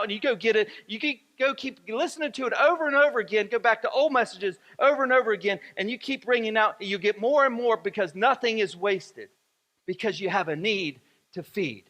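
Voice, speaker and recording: High, bright-voiced preaching man. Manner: repetitive, emphatic preaching with rising fervor. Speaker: pastor. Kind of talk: sermon. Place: church sanctuary. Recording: echoey church hall.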